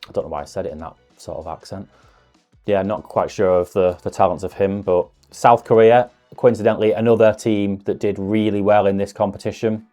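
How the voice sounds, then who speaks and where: A man talks casually through an unboxing, his voice sitting fairly low. He muses aloud with self-deprecating asides as he goes. Soft music plays faintly underneath. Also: fairly even intonation, a little fast. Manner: chatty, musing asides with self-deprecating humour. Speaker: card-opening video host.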